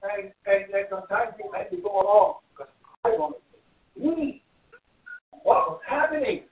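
A man preaching a lively children's story sermon, animated and full of wonder, stringing together thoughts with repeated "and"s. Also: extremely high pitch. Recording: distant echoey phone-like sound.

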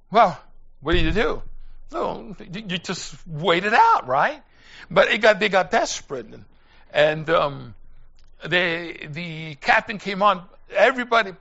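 Gravelly high-voiced man preaching a sermon. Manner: storytelling, rising to shouted emphasis. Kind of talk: sermon with personal story. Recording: lo-fi dull sound.

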